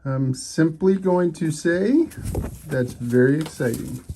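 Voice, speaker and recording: A backyard animal keeper chatting casually to pet emus outdoors, often slipping into high baby talk. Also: takes it slowly, dark tone, a little hiss or hum. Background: faint outdoor ambience and bird sounds.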